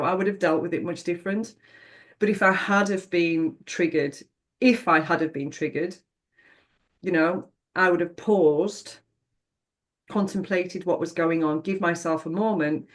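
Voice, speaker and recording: A middle-aged woman, a podcast guest telling a personal story in a frank, reflective way and swearing now and then. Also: fairly low pitch.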